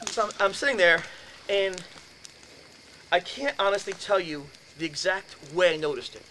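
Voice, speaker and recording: A man gives a lecture in a room, telling his story with animated energy and acting out each exchange. His voice sits a little high for a man. Steady noise runs under the recording. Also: normal speed, long pauses, poor audio.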